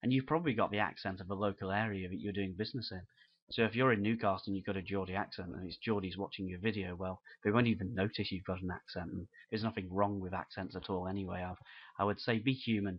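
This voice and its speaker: A man's voice: low-pitched, slightly rough, lo-fi sound. A man from the United Kingdom presenting an unscripted business marketing lesson in an earnest, encouraging, conversational way. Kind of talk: unscripted instructional talk.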